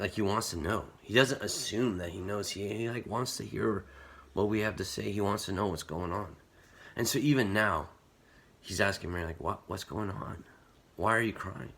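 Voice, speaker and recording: A man's voice: sits low, creaky, sharp tone, husky. A man giving a casual, earnest youth sermon, talking conversationally with many "like" fillers. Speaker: camp speaker.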